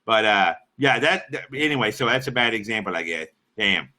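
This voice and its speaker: A man's voice: lowish voice, expressive, fairly quick, bright, forceful tone. A man chatting on his live stream in a rambling, crude and profane way. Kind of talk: casual live-stream chat.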